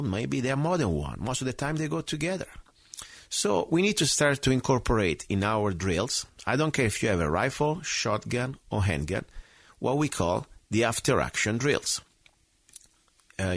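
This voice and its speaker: A man hosting his own radio talk show, speaking in an impassioned, outspoken monologue that swings from loud emphasis to low asides. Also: creaky, no room sound.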